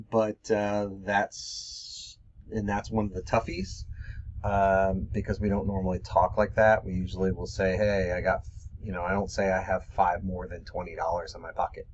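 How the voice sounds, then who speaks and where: A man teaching a math lesson, explaining in a plain, repetitive way with some fillers. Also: lowish voice. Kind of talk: classroom lesson. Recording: dull lo-fi recording.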